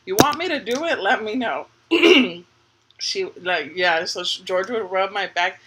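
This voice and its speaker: A woman's voice: mid-range voice, unhurried, heavy background noise. A woman in her thirties, a family vlogger, telling family stories in casual chat with frequent laughter. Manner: laughing, lively storytelling.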